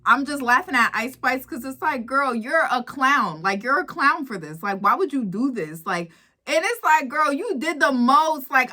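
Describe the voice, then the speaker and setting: A woman's voice: high-pitched, sharp tone. A woman giving reaction commentary, incredulous and repeating herself as she talks it through. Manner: incredulous, repetitive, laughing asides.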